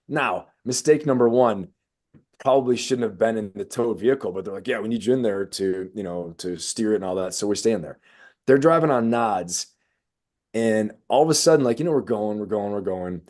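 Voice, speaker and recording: Male podcast co-host, ex-Marine, casual storyteller with a big, animated delivery. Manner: animated storyteller, jumps high when quoting people.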